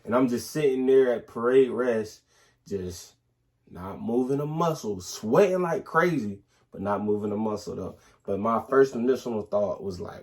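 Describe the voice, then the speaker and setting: A young man, casually telling animated stories in a couple's Q&A, full of slang and restarts. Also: fairly low pitch, moderate pace. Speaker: soldier in the Army, husband.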